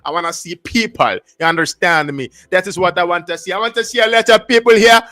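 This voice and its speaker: A man hosting a casual live stream, talking in an excitable, repetitive, slangy hype style. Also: high voice, fast talker. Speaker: livestream host.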